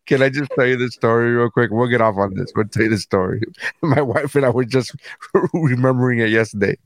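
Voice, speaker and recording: A man's voice: mid-range voice, fairly quick, no echo. A married man co-hosting a podcast, telling crude stories with frequent laughter. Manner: crude storytelling, laughs often. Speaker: podcast co-host. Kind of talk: casual comedic chat.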